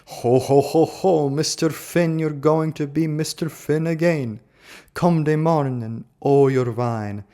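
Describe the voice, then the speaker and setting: A man's voice: on the high side, slow pace, dark tone, pitched above the performer's own voice. A man putting on a teasing Romanian-accented jester. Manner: sing-song chanting, laughing "ho ho".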